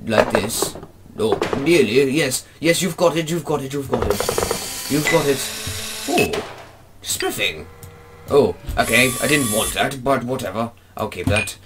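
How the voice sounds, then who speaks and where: A man's voice: medium pitch, animated, unhurried, noisy background. A man giving goofy gameplay commentary, rambling in a silly, sing-song way and slipping in mock accents. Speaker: gaming video creator. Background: loud game music.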